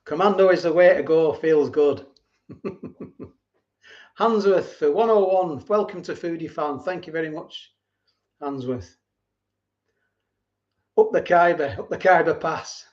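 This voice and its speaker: A man's voice: on the high side, measured pace, long pauses, darkish tone. Rambling man on a lo-fi livestream. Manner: rambling, repeats himself, chuckles often. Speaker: livestream host. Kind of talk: casual live chat reading viewer comments. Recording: dull lo-fi stream audio.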